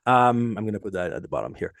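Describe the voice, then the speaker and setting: A middle-aged man with a French accent, a native French speaker, chatting casually as podcast co-host, halting and restarting often. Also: lowish voice, very animated, vocal fry, no echo, studio quality. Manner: rambling, halting with many restarts. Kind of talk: casual chat.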